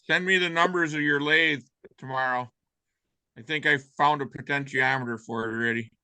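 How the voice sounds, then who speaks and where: Man, matter-of-fact explainer, bright dry voice. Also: on the high side, fairly even intonation, moderate pace, clean tone, no echo. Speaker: meeting participant. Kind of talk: casual technical explanation.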